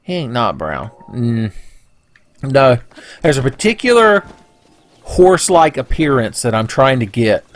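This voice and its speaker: A man's voice: mid-range voice, very animated, measured pace, long pauses. A young man casually commentating a video game playthrough, joking, swearing and putting on silly voices. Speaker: let's play commentator.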